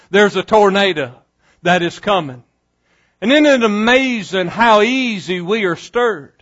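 A high-voiced man preaches a sermon with fervor. He drops to a hushed tone for prayer, then rises into loud, emphatic appeals. The recording is dull and lo-fi. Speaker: pastor.

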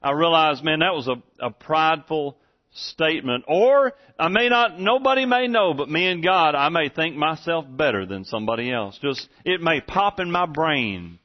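A man's voice: on the high side, big pitch swings, normal speed. A man preaching a sermon in a church, earnest and repetitive, often restarting his sentences. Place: church room with congregation. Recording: dull lo-fi sermon recording.

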